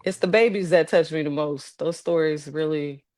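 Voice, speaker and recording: A woman with an Ohio accent, telling stories on a podcast in a fairly low voice, recorded dry and close. She talks casually and animatedly and acts out the voices of the people in her stories. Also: normal speed, a little mellow, no echo. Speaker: podcast guest, former social worker. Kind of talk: casual storytelling. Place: podcast studio.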